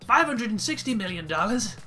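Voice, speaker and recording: A man's voice: high-pitched, sing-song, fairly quick, sharp tone, soft background music, voice pushed up, full character voice. Man doing an outraged gangster bartender. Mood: indignant. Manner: outraged, repeating himself in mock offense. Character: indignant haggling male gangster bartender.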